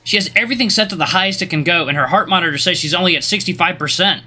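A man's voice: a little high, quick pace, hardly any pauses, sharp tone, soft background music. A man hosting a gaming channel, reading a story game's narration aloud in a let's play.

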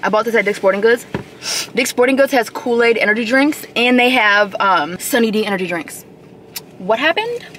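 A woman's voice: on the high side, animated, moderate pace, fairly bright tone, a little hiss or hum. A woman in her twenties talking casually while vlogging, chatty and joking as she tells stories. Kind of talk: casual chat.

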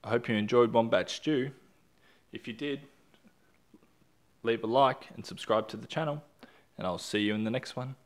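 A man reading a children's picture book aloud as a channel host, in a gentle, unhurried storytelling manner. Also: medium pitch.

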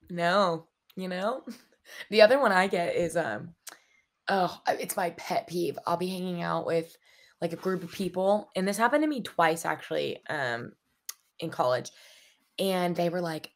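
A young woman in her twenties, co-hosting a casual podcast chat, animated and giggly, acting out what people say. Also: lowish voice, moderate pace. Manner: animated, giggly, acts out quotes. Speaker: podcast co-host.

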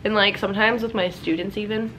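A woman's voice: medium pitch, steady tone, fast talker, a bit bright, slight background noise, poor audio. A young woman with a stuffed-up voice, chatting casually to her camera at home in a bubbly, talkative way. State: stuffed up, congested. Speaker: vlogger. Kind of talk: casual vlog chat.

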